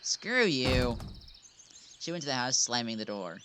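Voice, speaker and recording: A man's voice: medium pitch, lively intonation, quick pace, background noise. A man reading a visual novel aloud in first person, casually, with chuckles and restarts. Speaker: game narrator. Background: background music.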